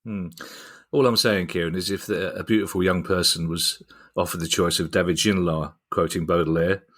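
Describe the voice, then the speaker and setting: A man's voice: sits low, steady tone, fairly quick, a bit bright. A man hosting a podcast in a playful, joking manner. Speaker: podcast host. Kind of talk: casual podcast chat.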